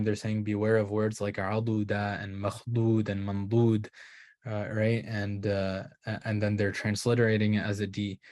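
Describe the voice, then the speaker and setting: A man's voice: lowish voice, a little mellow. A man giving a lecture on Qur'an pronunciation, thinking aloud with restarts and checking in with "right?". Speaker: Qur'an recitation teacher. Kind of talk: explanatory lecture.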